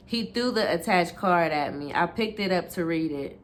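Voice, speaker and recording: A woman's voice: lowish voice, moderate pace, hardly any pauses, a little hiss or hum. A woman reading a memoir aloud in a casual way, stopping now and then to correct herself and reread.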